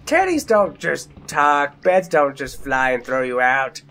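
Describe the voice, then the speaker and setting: A man's voice: a little high, sing-song, measured pace, pushed and bright. A young man playing a horror game, jumpy and exclaiming, often mocking himself. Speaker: let's play gamer.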